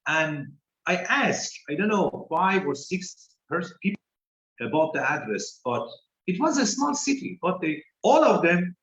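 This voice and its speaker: A man, a guest telling a story in halting English full of fillers over a video call. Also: high-pitched, sing-song, fairly bright tone, roomy sound, poor audio. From Iran. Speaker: guest author. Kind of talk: interview storytelling.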